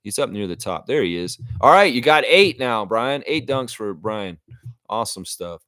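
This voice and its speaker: A man hosting a sports reaction livestream, his pitch swinging widely as he reads chat and vents. He talks casually and slips into profane rants. The sound is dry, with no room echo. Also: normal speed. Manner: animated, profane ranting. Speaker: livestream host.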